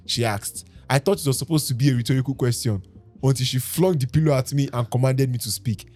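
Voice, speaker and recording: A man's voice: medium pitch, fairly quick, a little mellow, faint music behind. A Nigerian man hosting a podcast, reading a story aloud with dramatic delivery and breaking off to laugh and joke with his co-hosts. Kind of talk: casual podcast reading with banter.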